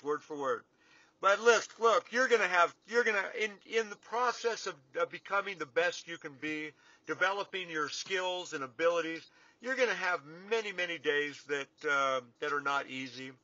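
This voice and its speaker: A man's voice: a little high, moderate pace, bright, forceful tone, dry recording. A middle-aged man giving an earnest, folksy motivational talk to his clients, repeating his points for emphasis. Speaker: business coach addressing clients. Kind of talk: casual motivational talk to camera. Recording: dull lo-fi, dry sound.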